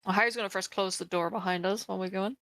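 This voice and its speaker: A woman playing a tabletop game, chatting casually and relaxed. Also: medium pitch, very fast, no echo. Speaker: player.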